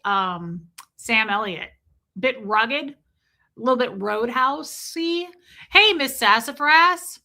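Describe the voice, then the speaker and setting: A woman live streamer telling a story in a casual, animated way and breaking off to greet her chat viewers. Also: a little high.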